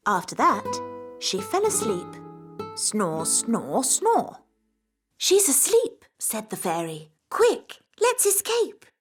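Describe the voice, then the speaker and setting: An actress voicing a fairy queen mother telling her children a story in a cartoon, acting out the parts and speaking slowly. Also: a little high, huge pitch swings, breathy edge, soft background music, exaggerated voice. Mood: storytelling.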